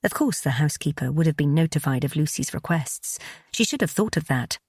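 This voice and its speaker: Low husky woman narrating an audiobook. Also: lively intonation, fairly quick, a little mellow, no room sound, studio quality.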